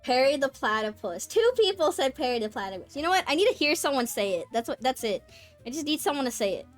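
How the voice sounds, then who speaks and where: A woman's voice: high-pitched, big pitch swings, fast talker. A woman livestreamer chatting casually, giggly, swearing now and then and stumbling over her words. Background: faint game music.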